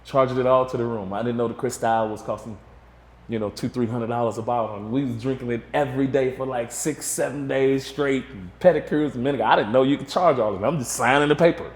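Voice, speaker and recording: With a quick pace and a mid-range voice, a man in his forties recounts a long story as a guest in an interview. His delivery is casual and meandering, full of fillers, and he often starts over with "you know." There's a roomy echo on the audio.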